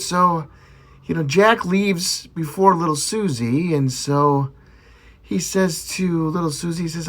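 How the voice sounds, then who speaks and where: Man, folksy joke teller, animated pitch, casual delivery. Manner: folksy storyteller, plays each character with a raised voice.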